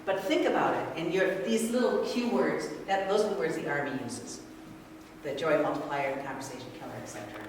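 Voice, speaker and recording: An older woman leading a workshop for parents, speaking animatedly and asking the audience questions. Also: lowish voice. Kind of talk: interactive talk to an audience. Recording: echoey hall from far off, noisy.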